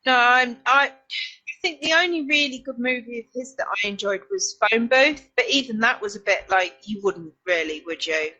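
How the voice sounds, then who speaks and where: A woman with a Northern English accent, co-hosting a casual knitting chat, quick to agree and joke. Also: on the high side, expressive, sharp tone, lo-fi sound. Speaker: podcast co-host.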